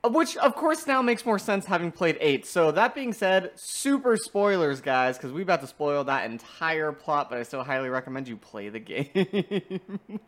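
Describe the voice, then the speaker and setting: An enthusiastic podcast co-host recaps a game plot in loose, chatty speech full of fillers. The voice sits at an ordinary middle pitch. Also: sing-song, normal speed. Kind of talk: casual game review chat.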